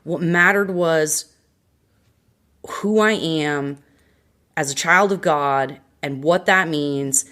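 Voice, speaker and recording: Low-voiced woman telling her story frankly. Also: takes it slowly, pauses often, fairly bright tone. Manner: earnest, emotional, frank. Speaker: podcast guest. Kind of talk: candid personal storytelling.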